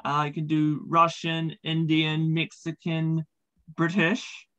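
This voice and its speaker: A man's voice: fairly high pitch, monotone, slow, sharp tone, muffled recording. A man, chatting casually in an interview, with frequent ums and uhs. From New Zealand. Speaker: podcast host being interviewed.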